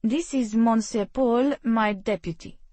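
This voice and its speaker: A woman's voice: on the high side, a little slow, warm tone, no echo, voice pushed up. A woman voicing a small, officious French mayor who takes charge, reading an audiobook. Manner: formal, commanding.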